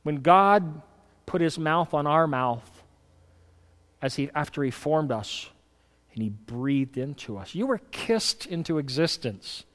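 A man preaching a sermon, moving between a loud reading of scripture and soft, hushed asides, and telling folksy stories in a conversational way. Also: on the high side, expressive, unhurried, long reverb tail. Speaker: pastor. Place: church hall.

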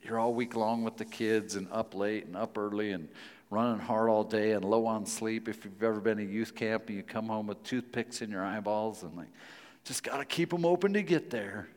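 A man preaching a sermon, telling stories in a lively, playful way and turning earnest and quiet in prayer. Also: fairly low pitch, moderate pace, long reverb tail. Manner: storytelling, playful, then hushed and earnest in prayer. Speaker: pastor.

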